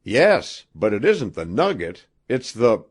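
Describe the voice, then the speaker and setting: A man's voice: on the low side, slow pace, husky, full character voice. A man voicing a thrilled young man whose voice trembles as he finds gold, in an audiobook. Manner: breathless, trembling excitement.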